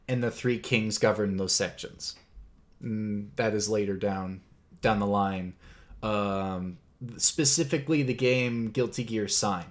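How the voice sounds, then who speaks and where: A man hosting a live stream, slowly explaining game lore with many fillers and laughs. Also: on the low side. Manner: slow, rambling, many fillers, laughs often. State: clearing his throat. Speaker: host presenting game lore. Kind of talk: casual livestream lecture.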